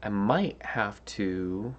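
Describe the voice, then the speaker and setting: A man's voice: on the low side, animated, very slow, highs cut off. A tired man thinking aloud as he works through a coding puzzle, hesitant and musing, with many fillers and restarts. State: tired, yawning. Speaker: coding tutorial host.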